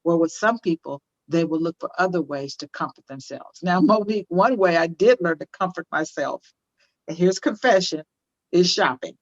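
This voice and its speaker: A woman's voice: lowish voice, normal speed, dry recording, muffled recording. An older woman speaking as a parenting guest on a video call, impassioned, repeating phrases for emphasis. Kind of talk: conversational interview, teaching.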